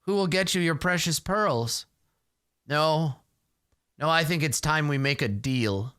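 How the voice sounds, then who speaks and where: A man voicing an ancient blind village matriarch who taunts slowly and with menace. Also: a little high, a bit bright, clean tone, no room sound, clean studio sound. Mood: mocking. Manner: taunting, slow and drawn out.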